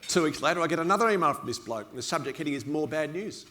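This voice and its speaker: A man's voice: a little high, animated, racing, sharp tone, slight background noise. A middle-aged Australian man telling a funny story to a dinner audience in a dry, self-mocking, conversational way. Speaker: after-dinner speaker. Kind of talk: humorous storytelling speech. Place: dinner event before an audience.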